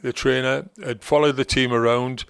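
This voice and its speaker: Gravelly older man spinning old stories. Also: medium pitch, fairly even intonation, normal speed, no echo, clean studio sound. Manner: rambling, reminiscing, acts out other people's lines. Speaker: former football manager, guest. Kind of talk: anecdotal storytelling in conversation.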